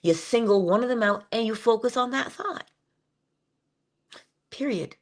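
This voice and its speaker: Woman giving a playful spiritual talk. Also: a little high. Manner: conversational, playful asides, slow drawn-out emphasis. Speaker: inspirational speaker.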